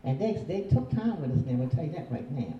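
A woman's voice: sits low, big pitch swings, fairly quick, a little hiss or hum. An older woman, a retired teacher, telling her own family memories in a folksy, chuckling way. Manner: chuckling, folksy, plays other voices. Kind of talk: oral history storytelling. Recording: distant, roomy, dull lo-fi recording.

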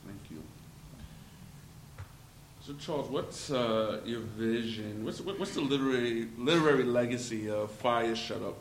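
Slow, deliberate male interviewer. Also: medium pitch. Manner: deliberate, hesitant with fillers. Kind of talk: measured interview questions. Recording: roomy with faint noise.

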